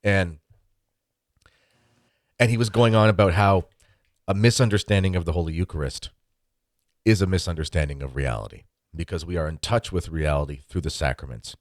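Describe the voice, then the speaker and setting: A man's voice: low-pitched, moderate pace, pauses often, dry recording, clean studio sound. A man hosting a podcast, talking in a casual chat style with emphatic bursts. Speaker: podcast host.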